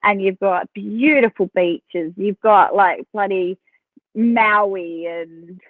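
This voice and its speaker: A woman with an Australian accent, a podcast guest telling stories in a chatty, animated way and laughing between phrases. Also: medium pitch, takes it slowly, no echo. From South Australia. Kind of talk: casual interview storytelling. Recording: tinny phone line, dry.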